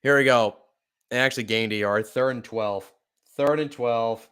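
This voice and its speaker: A man giving live fan play-by-play commentary as a podcast host, swearing and apologizing between excited play calls. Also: medium pitch, normal speed, clean tone. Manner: swearing, apologetic and upset, bursts of excitement on plays.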